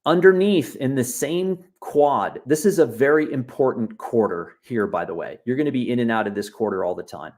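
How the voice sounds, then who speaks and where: A man at mid pitch teaches a software workshop over a video call. His delivery is loose and chatty, encouraging the viewers as he narrates what he clicks. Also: normal speed, few pauses. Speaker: workshop instructor. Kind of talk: live online software tutorial.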